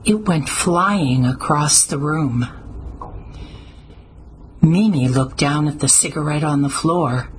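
A woman narrating an audiobook mystery in a measured, even storytelling manner. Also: low voice, a little hiss or hum, poor audio. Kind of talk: scripted narration.

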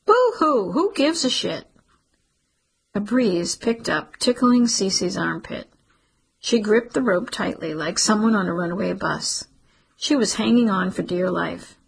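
A woman narrating a novel in steady, measured scripted narration. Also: mid-range voice, gravelly, slightly rough, rough recording. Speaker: audiobook narrator.

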